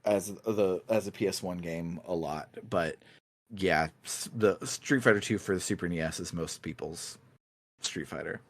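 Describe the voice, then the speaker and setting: A man co-hosting a podcast, chatting casually about video games in a relaxed, rambling way and laughing often. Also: low-pitched, normal speed, no echo. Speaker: podcast co-host.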